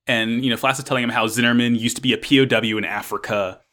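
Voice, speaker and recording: A man's voice: medium pitch, fairly even intonation, fast talker, a bit bright. A man in casual chat recapping an anime episode as a podcast co-host, rambling with restarts and frequent swearing.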